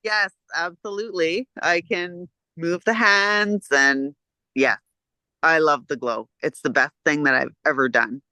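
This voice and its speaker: A woman's voice: low-pitched, fairly even intonation, unhurried, pushed and bright. A woman joining a video call as a guest, giving short, plain answers. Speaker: guest sharing a testimonial. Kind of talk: brief testimonial on a video call.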